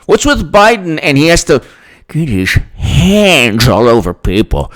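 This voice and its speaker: A man's voice: a little high, wildly swooping pitch, moderate pace, a bit bright. A man hosting his own political commentary channel, ranting sarcastically, repeating himself and mocking others in put-on voices. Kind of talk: rambling solo political rant.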